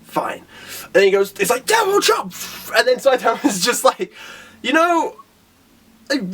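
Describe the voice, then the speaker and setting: Excitable high-voiced man rambling. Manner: excitable, rambling, laughing often; breaks into character voices. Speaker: manga reviewer. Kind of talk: casual chapter review.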